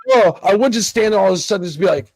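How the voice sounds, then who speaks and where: A man in a casual livestream debate about a movie, talking in an animated way, swearing and acting out reactions. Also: sits high, rapid-fire, a crowd in the background. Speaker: podcast host.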